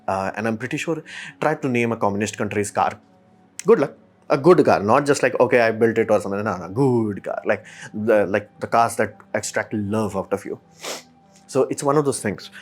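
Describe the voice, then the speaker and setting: A man's voice: mid-range voice, slightly rough. A man hosting a podcast, talking casually and emphatically, with rhetorical questions and mock quotes. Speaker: podcast host. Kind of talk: casual solo commentary.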